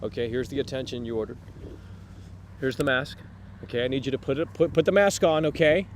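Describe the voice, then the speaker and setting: A man hosting a live stream, rambling to his chat with sudden loud bursts. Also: a little high, fairly quick, long pauses, slight background noise.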